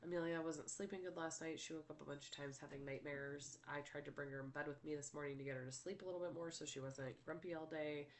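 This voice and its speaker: A young woman talking in a candid, rambling way in a personal vlog, her voice stuffy and congested. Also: low voice. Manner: candid and rambling, many fillers. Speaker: vlogger.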